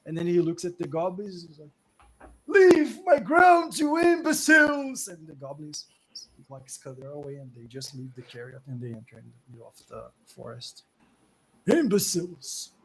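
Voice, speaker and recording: A man narrating as game master of a tabletop game, slow and deliberate, with a lot of "like" in his phrasing. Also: mid-range voice, steady tone, gravelly, mellow, a little hiss or hum, rough recording.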